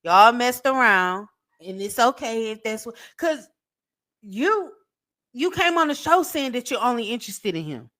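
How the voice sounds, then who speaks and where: A woman's voice: fairly high pitch, lively intonation, a little slow, fairly bright tone. A woman co-hosting a casual reality TV recap, laid-back and candid with her opinions. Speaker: co-host.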